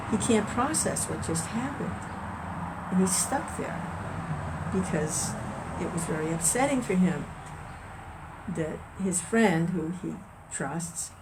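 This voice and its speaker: A woman's voice: on the low side, very noisy. A woman leading an informal spiritual discussion and telling a story in a conversational way, with restarts and chuckles. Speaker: devotional discussion leader.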